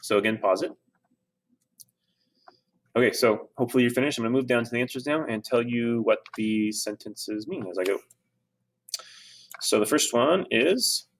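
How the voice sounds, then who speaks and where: A man teaching a Spanish grammar lesson in a relaxed, conversational way, with fillers and self-corrections. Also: medium pitch. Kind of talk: screen-recorded grammar lesson.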